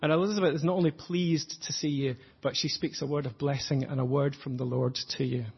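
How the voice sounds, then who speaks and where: Husky-voiced male preacher, lo-fi. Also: mid-range voice, fairly even intonation. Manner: earnest, reflective, slows for emphasis. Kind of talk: sermon.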